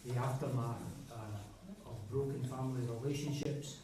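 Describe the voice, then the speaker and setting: A man introducing a song at a folk club, chatting in a halting way with many ums and restarts. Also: mid-range voice, background noise. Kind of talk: live stage patter between songs. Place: folk club room at a live gig. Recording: echoey live room from far off, loud guitar.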